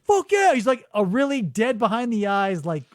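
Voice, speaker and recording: A man hosting a podcast, telling a story in animated casual chat and laughing often. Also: sits high, no echo, clean studio sound. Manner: animated, jumps into quick voices and laughs a lot. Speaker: podcast host. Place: radio studio.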